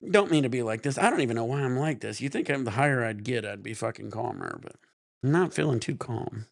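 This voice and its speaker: A man's voice: medium pitch, expressive, quick pace, creaky, dry recording, clean studio sound. A man hosting a livestream, ranting in an exasperated, profane way. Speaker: livestream host.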